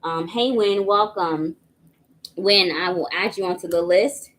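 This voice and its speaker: A woman with a somewhat low voice hosts a live tarot stream, talking in a chatty, grateful way as she greets viewers by name. There are plenty of "um"s as she catches up on comments. A faint hiss sits under the recording. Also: unhurried, fairly bright tone, rough recording. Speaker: tarot reader hosting a livestream.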